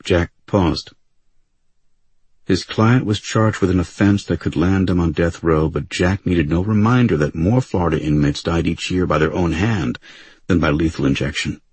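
Man narrating audiobook, very deep voice, husky, dry close mic, unhurried. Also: dry recording. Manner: even, unhurried storytelling. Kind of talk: scripted narration. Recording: dry close studio sound.

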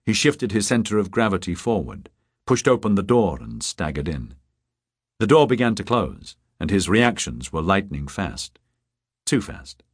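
A man reads a crime audiobook in a measured, steady way. His voice is low and unhurried. The recording is dry and close, with no room sound. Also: dry recording. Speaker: audiobook narrator. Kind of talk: scripted narration.

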